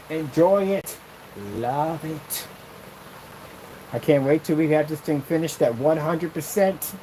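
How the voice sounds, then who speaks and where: A man rambling through a casual vlog while testing projection screen paint, animated, jokey and full of tangents. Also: fairly high pitch, a little hiss or hum, poor audio.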